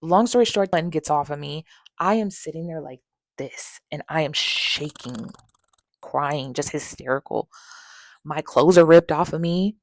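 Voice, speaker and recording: A woman's voice: sits low, measured pace, dry recording. A young woman hosting a podcast, frankly and emotionally retelling a hard personal story with plenty of swearing. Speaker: podcast host.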